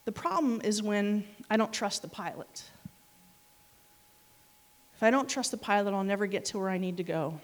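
A woman preaching a sermon, telling stories with laughs, asides and animated quoted reactions. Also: medium pitch, moderate pace, long pauses. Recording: long hall reverb.

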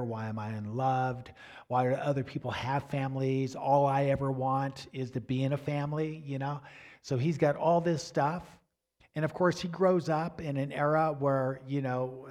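A man's voice: mid-range voice, a little mellow. A middle-aged man giving a sermon, telling a personal story conversationally, with restarts and asides to the congregation. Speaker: pastor.

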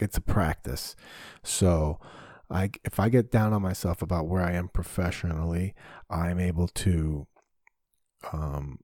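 A man's voice: sits low, mellow, no room sound. A man who hosts his own podcast and does stand-up comedy, talking in a rambling, candid, profane way with lots of fillers, recorded in a small home basement studio. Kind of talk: casual solo podcast monologue.

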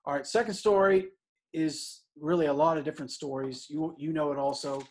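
A man's voice: a little high, fairly even intonation, a little fast, darkish tone. A middle-aged man, a priest, preaching a conversational sermon, often checking in with "right?" and stressing scripture. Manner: conversational, frequent "right?" asides, emphatic on scripture.

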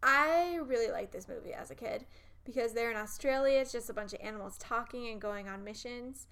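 A woman's voice: on the high side, fairly quick, a bit bright. A woman co-hosting a casual chat, talking loosely with fillers and swearing. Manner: chatty, swears, many fillers.

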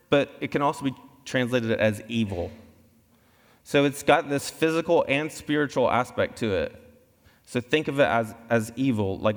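A man gives a sermon, talking through scripture casually and with animation. His voice sits at an ordinary middle pitch. A long reverb trails his words through a large hall. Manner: conversational, animated scripture explanation. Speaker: pastor.

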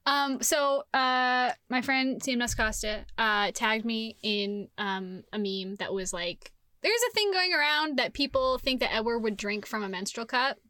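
A woman's voice: on the high side, lively intonation, measured pace, hardly any pauses, sharp tone, no room sound. A woman hosting a casual podcast from a small closet studio, joking, laughing and swearing freely. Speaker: podcast host.

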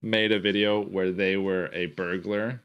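A man's voice: low voice, flat delivery, a little slow, smooth, lo-fi sound. A man co-hosting a casual podcast. He jokes crudely and laughs often. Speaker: podcast co-host. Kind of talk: casual chat.

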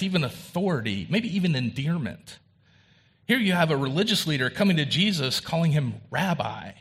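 Guy preaching a sermon, kinda husky, chatty, pitch jumps up on the quotes. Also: fairly bright tone. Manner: conversational preaching with quoted dialogue and rising emphasis. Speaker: pastor.

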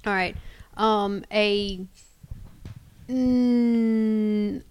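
A woman's voice: medium pitch, steady tone, drawn-out words, darkish tone, smooth. A woman co-hosting a podcast in casual chat, chatty and prone to trailing off and restarting. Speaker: podcast co-host.

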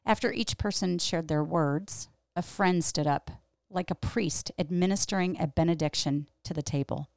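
Low-voiced woman, gravelly, reflective personal storytelling, candid and emphatic. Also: normal speed, darkish tone, no room sound, studio quality. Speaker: podcast host and pastor.

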